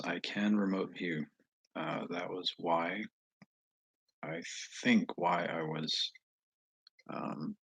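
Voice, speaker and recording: Low, husky man with a Northeast US accent. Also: no room sound, rough recording. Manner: rambling, slow, with frequent pauses and fillers that trail off into quiet asides. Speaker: channel host answering viewers. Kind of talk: casual live chat.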